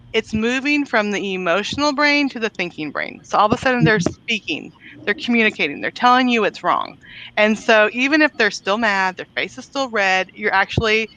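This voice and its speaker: Bright-voiced woman guest author. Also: mid-range voice, lively intonation, normal speed, rough recording. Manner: earnest, explanatory, laughs easily. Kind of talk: conversational interview.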